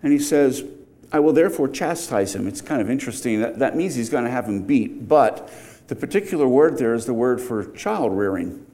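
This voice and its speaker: A man's voice: medium pitch, lively intonation, fairly quick, dark tone. A middle-aged man preaching a verse-by-verse sermon, explaining the text and rising to emphatic outbursts on key points.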